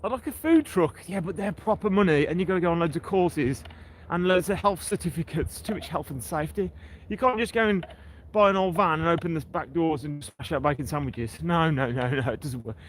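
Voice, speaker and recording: A man's voice: fairly high pitch, brisk, slight background noise, poor audio. A man, hosting a casual walking livestream by the sea and chatting to his viewers by name. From England. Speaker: livestream host. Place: outdoors on a seaside breakwater.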